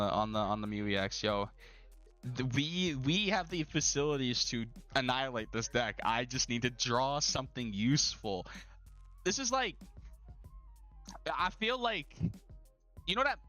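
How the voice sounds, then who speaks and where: A man's voice: medium pitch, sharp tone. A young man hosting his own gaming channel, giving casual, dramatic, slang-filled commentary on a card game he is losing.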